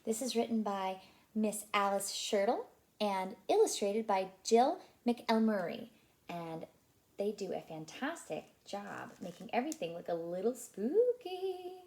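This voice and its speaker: Animated woman teacher reading to children. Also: mid-range voice, measured pace. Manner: animated, asks the children questions; drops into a hushed whisper for suspense. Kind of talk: picture-book read-aloud for young children.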